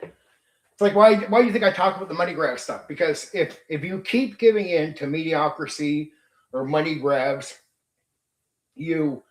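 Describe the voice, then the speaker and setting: A man's voice: a little high, normal speed, reverberant. A man hosting a tabletop gaming stream, ranting bluntly and profanely at his chat. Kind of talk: livestream rant.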